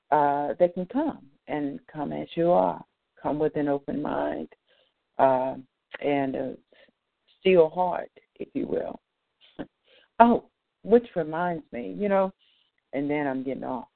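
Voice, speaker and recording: Slow, halting speaker on a tinny phone line. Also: mid-range voice, dry recording. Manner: halting, many fillers and restarts. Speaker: host of an online spiritual community call. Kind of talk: informal spiritual talk on scripture.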